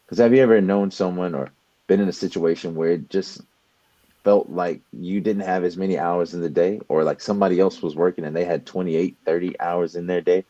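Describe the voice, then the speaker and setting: Deep earnest man, dull dry sound. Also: warm tone, dry recording. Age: young adult. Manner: earnest, repeats words while building a point. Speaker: podcast co-host. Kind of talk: motivational talk.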